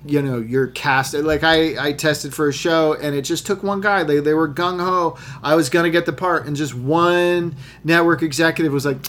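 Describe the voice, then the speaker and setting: A man's voice: on the high side, normal speed, hardly any pauses. A man who works as an actor, chatting casually and telling stories with lots of restarts. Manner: rambling, restarts, animated storytelling. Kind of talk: casual podcast chat.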